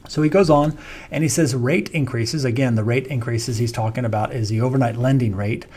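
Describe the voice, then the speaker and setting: A man's voice: mid-range voice, fairly quick, darkish tone, breathy edge. A man, a wealth management firm founder giving a conversational video update on the economy, with frequent ums and self-corrections. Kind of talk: informal video market update.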